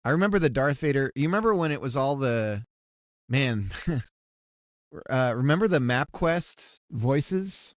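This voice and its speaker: A man's voice: medium pitch, expressive, unhurried, dry recording, clean studio sound. A man chatting casually on a livestream while working on a game, rambling and laughing often, with many restarts. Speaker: streamer.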